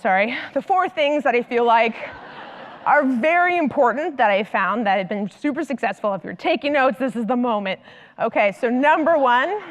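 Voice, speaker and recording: A woman in her thirties, a consultant and coach, giving a conference talk in an animated storytelling manner with lots of "like". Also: a little high. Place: large conference hall. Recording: long hall reverb from stage.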